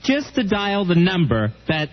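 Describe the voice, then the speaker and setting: A man's voice: high-pitched, wildly swooping pitch, a little slow. A man co-hosting a radio show, chatting casually and agreeably with a chuckling manner. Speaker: radio co-host. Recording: dull lo-fi radio broadcast.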